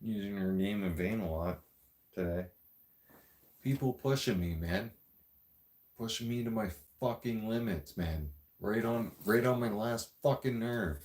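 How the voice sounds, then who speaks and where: In a sarcastic, profane, no-nonsense vlog rant to camera, a man from the Greater Toronto Area speaks with a Toronto Canadian accent. His voice is on the low side and darkish, delivered at a measured pace.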